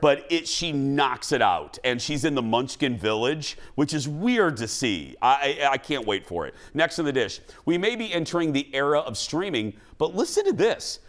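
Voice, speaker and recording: Hosting a talk show, a man covers entertainment news in loose, casual chat, animated and meandering, starting over often. His voice sits on the high side, and he speaks at a normal speed with few pauses.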